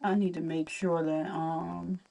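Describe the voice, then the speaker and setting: A woman's voice: fairly low pitch, level tone, a little slow, gravelly, dark tone, far from the mic. A young woman hosting a casual livestream, chatting to viewers while fixing her audio. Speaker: livestream host.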